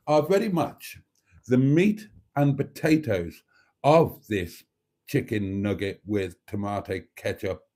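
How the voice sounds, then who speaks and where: Camp stream host, mellow and swooping, unhurried. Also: male voice, medium pitch. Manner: camp and theatrical, swooping voice, calls viewers darlings. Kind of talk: chatty live-stream hosting.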